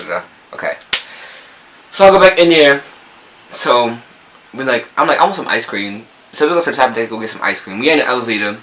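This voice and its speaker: A man's voice: medium pitch, sharp tone, a little hiss or hum, poor audio. A young man from New Jersey with a local accent, telling a rambling storytime vlog full of quoted dialogue. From Newark, New Jersey. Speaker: vlogger. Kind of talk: casual storytime.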